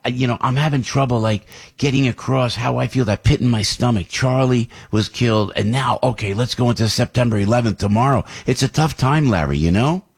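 A man's voice: medium pitch, brisk, gravelly, slightly rough. A man in his sixties hosting a talk radio show, effusive and rambling with jokey asides. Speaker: radio host.

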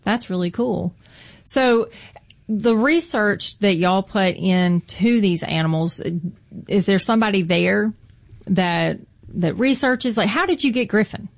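A woman's voice: medium pitch, measured pace. A woman hosting a casual radio interview, asking chatty, friendly questions. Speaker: radio show host.

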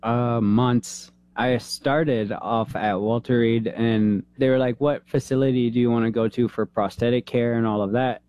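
A man in his thirties, a veteran, telling an emotional personal story in an interview, earnest and halting, holding back tears. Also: mid-range voice, warm tone, no room sound. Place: San Antonio, Texas.

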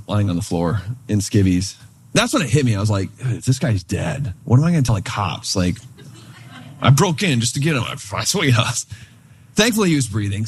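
A man preaching a sermon in a relaxed, conversational way, telling a story and voicing the people in it. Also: medium pitch, slightly rough. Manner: conversational, animated retelling with quoted voices. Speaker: pastor.

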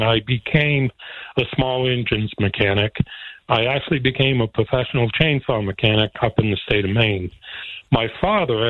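A man's voice: medium pitch, no echo. A man telling a personal story from his boyhood, laughing often and getting emotional. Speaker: guest telling a life story. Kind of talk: casual storytelling. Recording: dry, phone-like line.

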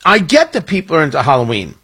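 Wry, joking radio host. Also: male voice, on the high side, wildly swooping pitch, quick pace, fairly bright tone, slightly rough. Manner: wry, joking, self-interrupting. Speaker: radio talk show host. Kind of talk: casual morning radio chat. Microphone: studio microphone.

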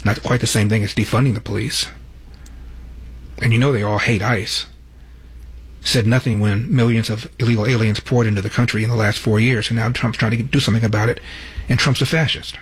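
Male host, political commentary, emphatic, husky tone. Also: lowish voice, steady tone, a little fast. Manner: pointed, emphatic delivery. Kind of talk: political commentary introducing clips.

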